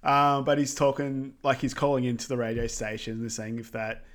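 A man co-hosting a podcast, summarizing a film in a relaxed way with frequent ums. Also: medium pitch, normal speed. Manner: relaxed, filler-heavy with lots of ums. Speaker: podcast co-host. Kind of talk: casual film recap chat.

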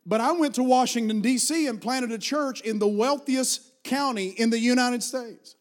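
A middle-aged man with an Appalachian accent preaching a Pentecostal sermon, moving from hushed storytelling to loud, fervent calls to the congregation. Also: extremely high pitch, normal speed. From Virginia, Appalachian Mountains. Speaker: pastor.

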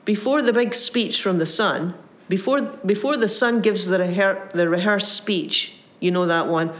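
A woman preaching a sermon, retelling a parable with lively voiced quotes and frequent restarts. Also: mid-range voice, a little slow. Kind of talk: sermon storytelling.

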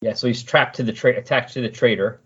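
Husky man recapping comics. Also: medium pitch, fast, muffled recording. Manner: animated, recaps scenes by acting out lines. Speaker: podcast host. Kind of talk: casual comic book discussion.

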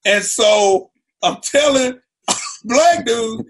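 Husky high-voiced man telling animated stories. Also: measured pace. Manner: acts out quotes with loud shouting asides. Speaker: comedian guest. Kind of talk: animated storytelling on a talk show.

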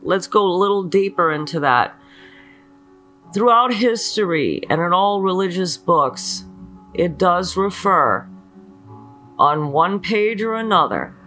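An earnest spiritual teacher talks at an unhurried, deliberate pace, with a voice that swoops widely up and down. The talk leans on rhetorical questions and frequent check-ins with the listener. Faint guitar music plays softly underneath. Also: medium pitch. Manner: earnest, asks many rhetorical questions, often checks in with "okay". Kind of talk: slow motivational spiritual talk leading a mantra.

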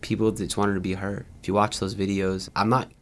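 Male guest, deep and gravelly, rapid animated storyteller. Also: slight background noise. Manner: fast, animated storyteller acting out dialogue. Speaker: guest, content creator. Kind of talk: casual storytelling.

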